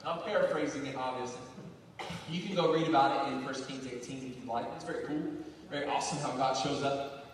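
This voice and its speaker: A man preaching a sermon as pastor, telling the story in a lively, conversational way. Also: medium pitch, brisk, a little hiss or hum. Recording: echoey hall from far off.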